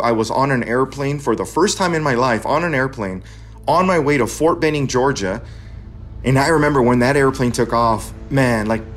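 A man from California in his thirties, earnestly telling his own life story and acting out the dialogue he recalls. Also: medium pitch. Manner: earnest, acts out quoted dialogue. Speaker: veteran storyteller. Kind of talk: personal narration.

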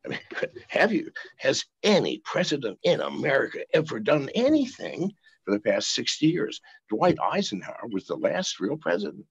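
A man's voice: mid-range voice, huge pitch swings, normal speed, gravelly, slightly rough, muffled recording. A man talking as a podcast guest over a video call, profane and rambling. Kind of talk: casual interview.

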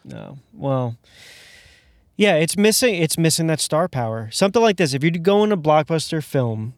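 A man's voice: on the high side, very animated, normal speed, dry recording. A man in casual film chat, rambling with many fillers and restarts. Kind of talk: casual movie review chat.

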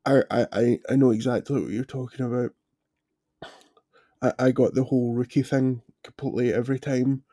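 Man, very mellow tone, monotone, hesitant with fillers, dry close sound. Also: medium pitch, no echo. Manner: hesitant, halting, lots of fillers. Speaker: podcast guest, wrestler. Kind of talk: casual podcast chat.

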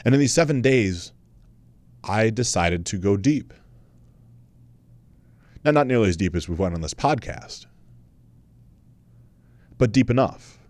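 A man's voice: on the low side, lively intonation, a little slow, long pauses, a little mellow, no echo. A man in his thirties hosting his own podcast, telling a personal story in a candid, conversational way, with emphatic repetition and casual swearing. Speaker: podcast host.

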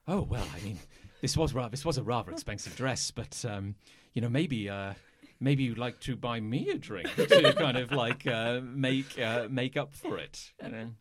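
A flirtatious lady in a red dress , played by a man who coos and flutters her words. The delivery is coy and lively. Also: mid-range voice, moderate pace, few pauses, lightly acted.

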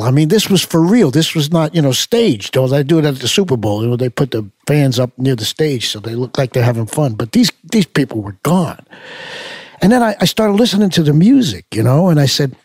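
A man's voice: on the high side, expressive, fairly quick, darkish tone, slightly rough, dry recording, clean studio sound. An older man, a musician being interviewed, telling stories in a loose, rambling way with many fillers and restarts. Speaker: musician guest. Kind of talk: casual storytelling interview.

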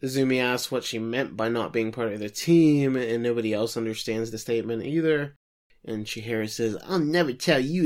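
A man co-hosting a podcast, recapping episode plots in a casual, sardonic way with jokey asides. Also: mid-range voice. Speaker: podcast co-host recapping an anime. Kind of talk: casual chat.

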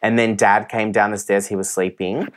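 A man's voice: on the low side, level tone, normal speed, slight background noise. A young man, a podcast guest, candidly telling a personal story and acting out the voices of others. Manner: open and emotional, acts out quoted voices.

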